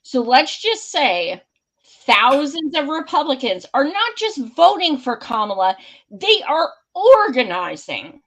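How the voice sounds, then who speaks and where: A woman hosting a casual political talk show, heated and profane. Her voice sits a little high, and she takes her time. She speaks bluntly and swears freely. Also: big pitch swings, unhurried, fairly bright tone, poor audio. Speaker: podcast host.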